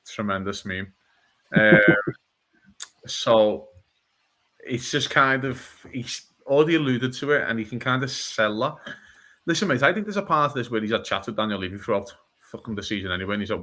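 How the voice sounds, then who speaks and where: Bright-voiced man, blunt and animated. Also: mid-range voice, a little fast. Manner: animated and blunt, swears, keeps asking "do you know what I mean". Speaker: podcast co-host. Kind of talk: casual football chat.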